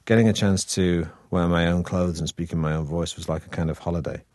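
This Manchester-born actor, guesting on a relaxed conversational interview, has a deep, darkish voice and a northern accent leaning toward received pronunciation. His delivery is brisk and fairly even in intonation, loose and wry, with frequent fillers and false starts. The sound is close, dry and echo-free.

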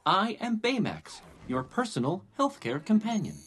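An actor voicing a gentle male inflatable healthcare robot in an animated film, talking in a slow, calm, polite way. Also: high voice, full character voice. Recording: film clip with loud music behind.

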